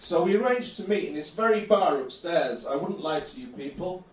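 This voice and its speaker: A man doing a stand-up comedy set in a club, telling absurd stories deadpan. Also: a little high, moderate pace, a little hiss or hum. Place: comedy club bar room. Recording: echoey club room from a distant mic.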